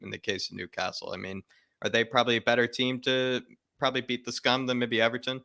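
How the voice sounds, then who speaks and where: A man's voice: mid-range voice, little pitch movement, fast talker, creaky, pushed and bright. A man co-hosting a casual livestream chat, speaking hesitantly with fillers.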